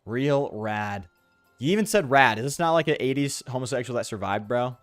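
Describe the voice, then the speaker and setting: A man's voice: medium pitch, animated, normal speed, no room sound, faint music behind. A man doing casual, jokey commentary while he plays a game, using crude slang and reading the on-screen text aloud. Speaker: let's play streamer.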